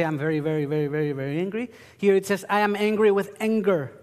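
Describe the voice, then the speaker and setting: Male preacher, sermon delivery, earnest and emphatic, high voice, reverberant hall. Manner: earnest teaching with emphatic bursts.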